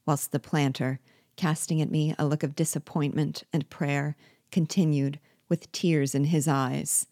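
A woman, the regular reader of the series, narrating a classic novel aloud with steady expression. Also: low-pitched, a little slow, no echo, clean studio sound. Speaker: reader and teacher.

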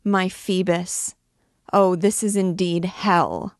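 A woman's voice: fairly low pitch, fairly even intonation, takes it slowly, no room sound, clean studio sound, pitched above the performer's own voice. A woman voicing a young gypsy girl on trial, anguished and breaking as she speaks.

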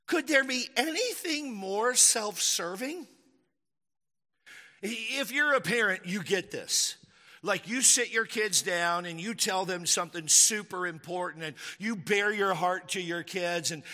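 Animated male preacher, high crisp voice, mid-sermon in a church, echoing hall. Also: a little slow. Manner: animated, acts out the disciples' lines in a raised voice. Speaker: pastor. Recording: echoey hall with long reverb.

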